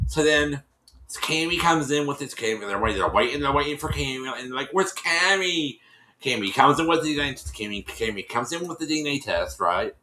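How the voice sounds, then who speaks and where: A man's voice: medium pitch, bright, forceful tone, echoey room, slight background noise, low-quality recording. A man casually retelling a reality-show episode to his viewers, rambling, restarting his sentences and acting out what people said. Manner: rambling, repeats and restarts, acts out quotes. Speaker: vlogger recapping a reality show.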